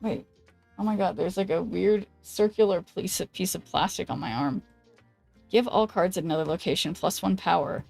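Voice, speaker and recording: A woman streamer chatting casually while she plays a card game, thinking aloud and greeting viewers, with a voice that is going hoarse. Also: lowish voice, normal speed, darkish tone, faint music behind. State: losing her voice. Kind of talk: casual gameplay commentary.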